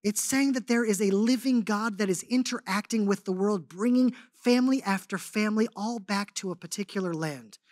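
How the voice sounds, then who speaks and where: A man giving a sermon as a guest speaker, telling stories in an animated, conversational way with lots of casual fillers. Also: high-pitched, moderate pace, hardly any pauses, dry recording, clean studio sound. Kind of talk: storytelling sermon.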